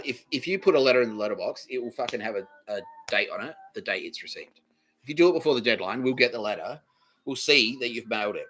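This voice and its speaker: Heard on a low-quality recording, the man's mid-range voice comes across as pushed and bright. As host of a comedy podcast, he runs through a repetitive, foul-mouthed monologue, swearing constantly, repeating himself, and laughing at what he says.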